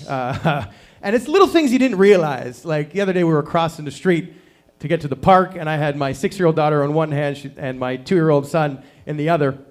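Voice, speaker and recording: A man in his thirties doing a deadpan stand-up set at a small open mic, acting out quotes with big jumps in pitch. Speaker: stand-up comedian. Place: small performance venue.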